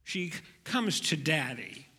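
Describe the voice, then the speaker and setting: Slow, bright-voiced male pastor. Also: a little high, sing-song, breathy edge, in a large hall. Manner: gentle, slow preaching with soft drops. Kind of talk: sermon.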